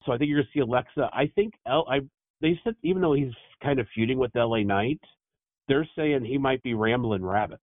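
A man's voice: mid-range voice, a little fast, no echo. Male co-host, easygoing joker, dry tinny phone-quality sound. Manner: easygoing, joking. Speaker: podcast co-host. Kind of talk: casual chat.

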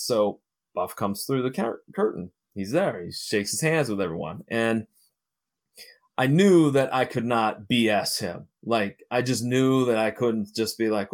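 A man's voice: medium pitch, animated, unhurried. A middle-aged man from Ohio, a guest telling a long story casually, rambling with fillers and restarts. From Ohio, United States. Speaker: interview guest, wrestling manager and promoter.

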